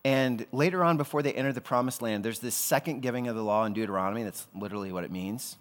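A man's voice: on the low side, quick pace, hardly any pauses, in a large hall. A man preaching a sermon as a pastor, talking in a casual, conversational way with slangy asides.

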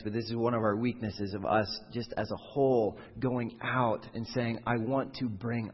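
A male pastor giving a conversational sermon that builds to emphatic stretches, with a husky voice. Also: medium pitch. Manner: conversational preaching, rising to emphatic. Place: church sanctuary. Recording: dull sound in a long-reverb church hall.

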